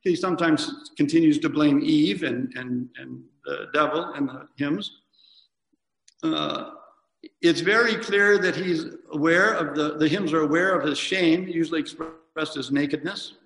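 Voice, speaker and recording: Man, priest, reflective sermon, slightly high voice, roomy church echo. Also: vocal fry, a bit bright. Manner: reflective, reads hymns aloud with pauses and self-corrections. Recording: echoey church hall from a distance.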